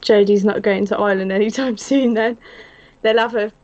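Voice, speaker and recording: A woman co-hosting a casual darts watch-along chat, giggly and talkative, cheering loudly at big shots. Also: medium pitch, fairly even intonation, moderate pace. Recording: dull lo-fi stream audio.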